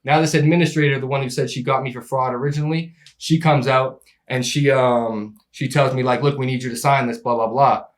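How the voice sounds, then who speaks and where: A young man telling a long story in casual chat, animated and laughing, acting out the people in it. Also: mid-range voice, brisk, few pauses. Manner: animated, acts out voices in his story, laughs often. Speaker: podcast guest telling a story.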